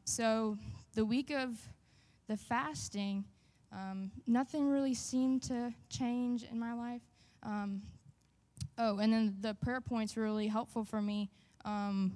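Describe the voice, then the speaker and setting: Woman, church testimony, earnest, halting with fillers, long hall reverb. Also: mid-range voice, warm tone. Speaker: church member giving testimony. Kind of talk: personal testimony.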